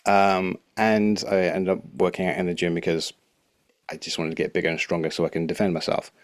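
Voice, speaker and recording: A man in his forties, a podcast guest talking in a relaxed, halting way. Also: deep voice, dry recording. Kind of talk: casual conversation.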